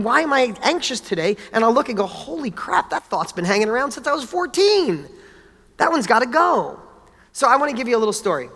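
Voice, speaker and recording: Bright, forceful male speaker giving a motivational talk, animated and blunt in his storytelling. His voice rings with a long reverb, as in a large hall. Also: high-pitched. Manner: animated, casual, blunt, with mild swearing. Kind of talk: motivational talk with personal stories.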